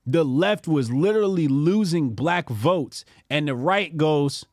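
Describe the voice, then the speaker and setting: A man presents a political commentary show in a somewhat high, slightly mellow voice, animated but measured, dipping into mutters and then rising into derisive bursts. His talk is profane and sneering, full of mocking impressions of opponents, recorded close and dry with no echo.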